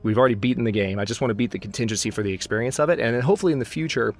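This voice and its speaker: A man's voice: mid-range voice, racing, soft background music. A man casually commenting on his strategy game as he plays, chatting to his own units and joking at himself. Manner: chatty, talks to his units, self-mocking asides. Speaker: let's play host.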